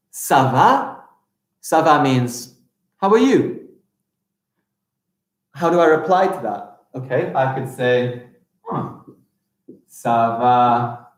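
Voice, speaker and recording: A young man teaching a live online lesson to young children, with animated and exaggerated pronunciation. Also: medium pitch, echoey room. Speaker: primary school teacher.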